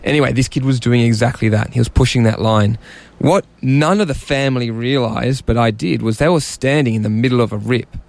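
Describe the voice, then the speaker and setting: A man's voice: mid-range voice, a little fast, creaky, few pauses. A young man, casually telling a story on a chat show in a rambling, self-mocking way. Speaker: podcast co-host telling a story.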